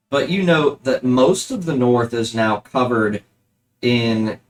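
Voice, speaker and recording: Man, game master, easygoing narration, lots of ums, mid pitch. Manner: relaxed, rambling narration with fillers.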